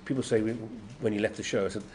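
An older man from Yorkshire, England, speaks in a lowish voice with a Yorkshire accent, talking rapid-fire. He's a guest actor telling anecdotes in an interview, acting out the quotes and laughing often as a lively storyteller. It was recorded in a noisy convention room.

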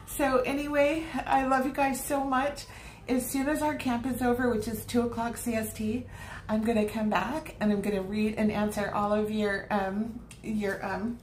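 A woman's voice: fairly high pitch, normal speed, darkish tone. A woman teaching a live painting lesson, chatting affectionately with her viewers in a bubbly way. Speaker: art teacher. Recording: echoey room, faint background noise.

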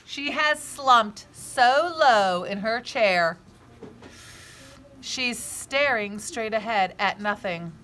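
Expressive woman reading a children's book aloud. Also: on the high side, slight background noise. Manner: expressive, with gasps and asides to young listeners.

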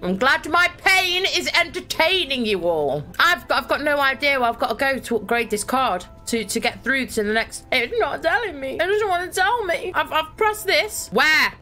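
Young woman, exasperated gameplay commentary, swearing, higher pitch, soft music behind. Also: lively intonation, moderate pace, hardly any pauses. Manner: swearing, exasperated, thinks aloud. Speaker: gaming streamer.

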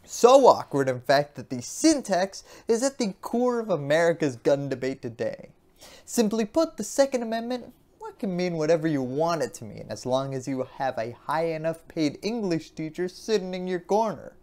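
A woman's voice: lowish voice, lively intonation, moderate pace, darkish tone. A woman hosting a scripted explainer, delivering it with sarcastic, wry asides. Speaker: host.

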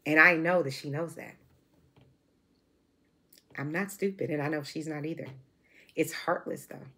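Woman, 40s, low voice, husky, emphatic, repeats herself, vlog monologue. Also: a little slow, pushed and bright. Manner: emphatic and repetitive, full of restarts. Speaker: vlogger. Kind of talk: emotional to-camera monologue.

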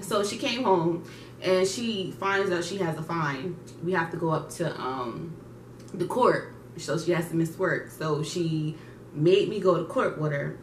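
Woman, late 20s, casual storyteller, slightly low voice, distant mic in a roomy space. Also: measured pace. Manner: laughing storyteller, animated quoting. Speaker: vlogger co-host. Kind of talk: casual chat. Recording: echoey room, distant mic, faint hiss.

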